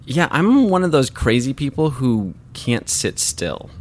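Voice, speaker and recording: A man's voice: medium pitch, big pitch swings, unhurried, darkish tone. A man in his thirties, a voice actor guest in an interview, telling personal stories in an earnest, reflective and openly emotional way.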